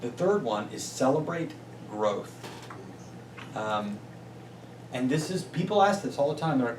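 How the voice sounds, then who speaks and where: Brief: upbeat male business coach, mid-pitched, pitching a small meeting room, picked up from across an echoey space with faint hiss. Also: unhurried, pauses often. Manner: energetic, peppers points with "right?". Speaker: business coach and guest speaker. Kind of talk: motivational talk to a small group. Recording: roomy distant sound with faint noise.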